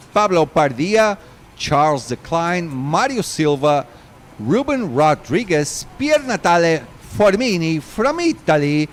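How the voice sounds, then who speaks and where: A man giving live race commentary, excitable and bursting out at big moves, also reading out long lists of drivers. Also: a little high.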